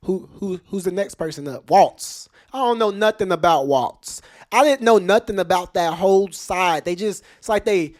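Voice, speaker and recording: A man's voice: high voice, moderate pace, hardly any pauses, a little mellow. A man hosting a podcast, talking straight to his listeners in casual commentary, emphatic and full of rhetorical questions. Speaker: podcast host.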